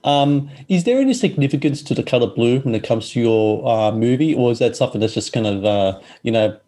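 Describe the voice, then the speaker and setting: A male interviewer asks a filmmaker about his work in a mellow, mid-pitched voice. His questions wander, padded with fillers and hesitations. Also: animated, brisk.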